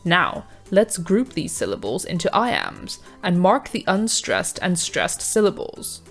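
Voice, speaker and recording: A woman with a slightly low voice narrates a scripted revision lesson. She explains each step in a measured, clear way, and faint music plays underneath. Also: very animated. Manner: measured, clear teaching delivery. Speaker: revision tutor.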